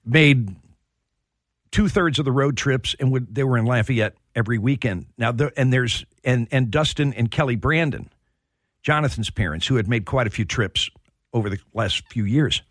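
A man's voice: medium pitch, moderate pace, no room sound, studio quality. A middle-aged man hosting a sports talk radio show, telling heartfelt stories with plenty of restarts. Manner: heartfelt storytelling.

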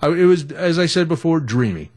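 A middle-aged man hosting a radio talk show, telling a story in a chatty, animated way. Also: on the high side, a little fast. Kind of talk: casual storytelling.

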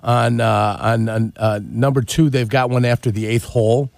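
A man's voice: mid-range voice, flat delivery, creaky, a little mellow, no echo. Man rambling through a golf story. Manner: rambling storyteller, drawn-out anecdotes. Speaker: golf guest. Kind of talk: casual radio chat. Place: radio studio.

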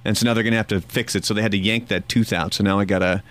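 A man's voice: on the low side, fairly even intonation, rapid-fire, a bit bright. A man in his forties hosting a morning radio show, talking casually with a slight lisp and a dry, self-deprecating humor. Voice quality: slight lisp from a missing tooth.

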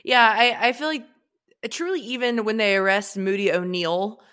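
A woman chats casually as a podcast co-host. Her voice is a little raspy from a head cold, and she talks loosely with plenty of fillers. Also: mid-range voice, normal speed, fairly bright tone. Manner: chatty, uses y'all and filler words. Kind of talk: casual chat.

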